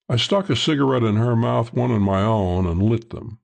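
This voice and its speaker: A male audiobook narrator giving a dry, measured first-person telling of a hardboiled crime story. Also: lowish voice, vocal fry, darkish tone.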